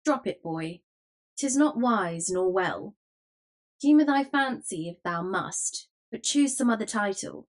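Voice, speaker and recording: A man's voice: sits high, expressive, measured pace. A woman reading as a burly, commanding rogue chief. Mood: firm. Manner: firm but good-natured, commanding. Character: burly good-natured male rogue leader, blunt.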